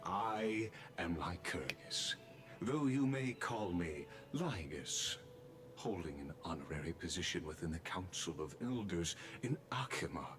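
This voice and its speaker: A low, slow scheming elder councillor. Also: male voice, very animated, background noise. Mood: polite, sly. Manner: courteous, oily and formal. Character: smooth scheming male elder councillor, chuckling. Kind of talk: video game voice acting.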